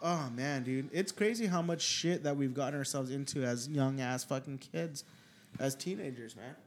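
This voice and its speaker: A man's voice: medium pitch, normal speed, a little hiss or hum. A young man hosting a casual podcast, telling rowdy stories full of swearing. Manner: loose, profane storytelling, swears constantly. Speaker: podcast host. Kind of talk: casual chat.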